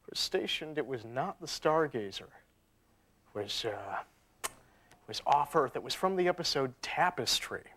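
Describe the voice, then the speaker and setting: A man's voice: medium pitch, expressive, unhurried, a bit bright. A man on a game show panel, hesitantly thinking aloud as he works out an answer. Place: TV studio.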